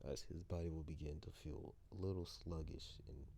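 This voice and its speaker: A man improvising a fan story out loud, rambling and hesitant with many restarts. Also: very deep voice, fairly even intonation, normal speed, creaky, background noise.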